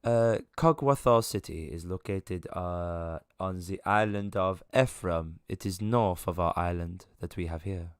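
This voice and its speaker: A man voicing an aloof, dry-witted woman who speaks in a measured, deadpan, quiet way in a tabletop game. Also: low voice, clean tone, dry recording.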